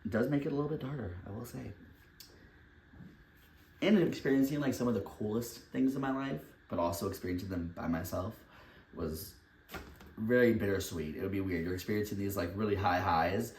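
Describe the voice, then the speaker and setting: A man's voice: fairly low pitch, a little mellow, slight background noise. A young man vlogging while baking at home, talking candidly and rambling, laughing often and swearing casually. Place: home kitchen, indoors. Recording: echoey room, distant mic.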